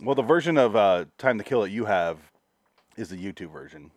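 A man's voice: on the low side, lively intonation, fairly quick, no room sound. A man talking movies on a podcast in an easy, joking way, now and then crude. His voice moves up and down a lot as he talks. The recording is close and dry, with no room sound. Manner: laid-back, joking, profane. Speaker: podcast co-host. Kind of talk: casual movie-review chat.

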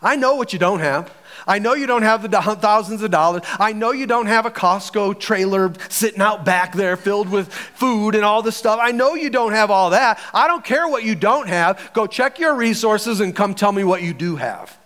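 A man voicing Jesus as a calm, commanding teacher who repeats his requests firmly. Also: high-pitched, normal speed. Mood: insistent. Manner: firm, insistent repetition.

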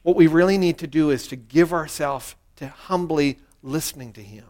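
Earnest high-voiced male preacher. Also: normal speed, darkish tone. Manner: earnest, leads congregation in spoken prayer. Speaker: pastor. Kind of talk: sermon.

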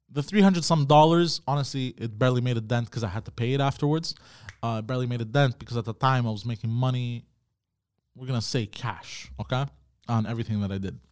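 A young man hosting a podcast alone, telling stories casually with lots of swearing and reacting to chat comments. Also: mid-range voice. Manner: profane, animated storyteller reading chat comments. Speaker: podcast host. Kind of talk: casual solo podcast storytelling.

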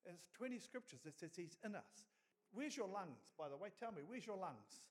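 A middle-aged man with a New Zealand accent preaching a sermon through stories, rising to loud emphatic peaks and dropping quiet between them. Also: high voice, very animated, normal speed. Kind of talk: sermon storytelling.

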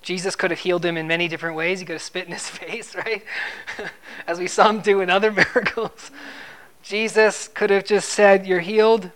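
A man's voice: high-pitched, steady tone, normal speed, fairly bright tone. A man preaching an expository sermon in a conversational way, asking his listeners questions and repeating words when he stresses a point.

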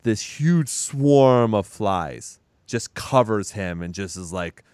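A man recaps a film with a podcast co-host's easy, profane energy. His voice sits low and sounds smooth and resonant, and the recording is dry and close with no room around it. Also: slow pace, no room sound. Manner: profane, animated retelling with acted quotes. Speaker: podcast co-host. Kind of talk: casual movie recap chat.

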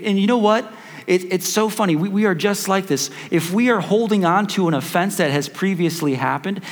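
Man preaching in a reverberant hall. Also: high voice. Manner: repeats key phrases for emphasis, many restarts. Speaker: pastor. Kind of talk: sermon. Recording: long reverb of a church hall.

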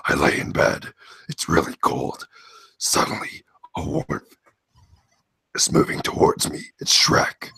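A man voicing a sinister cartoon villain in a deep, gravelly rasp, doing a comedic dramatic reading in a slow, menacing drawl. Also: sharp tone, dry recording.

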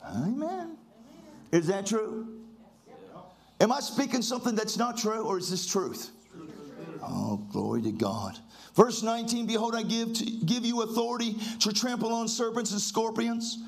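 A man's voice: high-pitched, animated, normal speed, vocal fry. A pastor preaching a fervent sermon, full of exclamations and leading his congregation in call-and-response.

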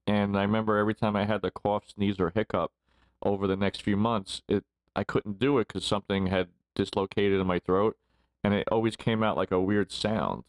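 A man's voice: on the low side, steady tone, brisk, no echo. A man in his forties, a podcast guest telling rambling stories and laughing often as he talks. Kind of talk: casual storytelling interview.

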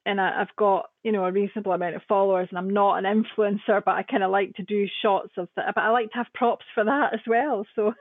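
A woman's voice: medium pitch, steady tone, fast talker, hardly any pauses, no room sound. A woman chatting casually as a guest, laughing often and acting out quotes. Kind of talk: casual chat. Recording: tinny phone-like line, dry.

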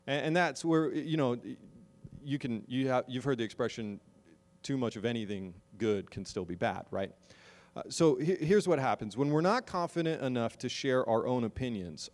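A man preaching a sermon to his congregation, moving from wry, conversational asides to loud, slow, emphatic exhortation. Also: mid-range voice, big-room sound. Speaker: pastor.

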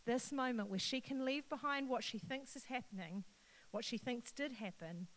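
Animated New woman preaching a sermon. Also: on the high side, normal speed, poor audio. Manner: animated, playful, talks directly to the crowd. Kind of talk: lively sermon to a live congregation.

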